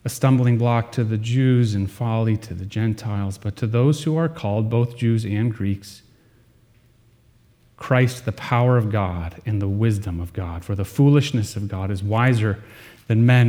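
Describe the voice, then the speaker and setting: Earnest male pastor, warm dark tone. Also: on the low side. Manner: earnest preaching with dramatic pauses and shifts in volume. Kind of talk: sermon.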